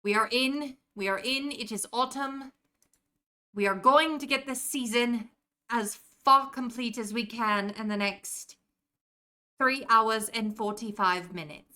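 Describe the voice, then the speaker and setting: A woman's voice: on the high side, a little slow, pushed and bright. A woman live streamer chatting casually with her viewers in a put-on British accent, answering chat messages aloud from home. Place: home room.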